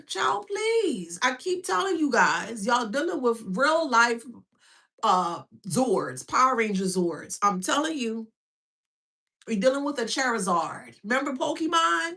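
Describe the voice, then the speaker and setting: A woman's voice: a little high, unhurried. A woman giving a casual spiritual reading, talking in a blunt, mocking, slangy way. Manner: animated, blunt and mocking, with frequent slang and laughs. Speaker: spiritual reader.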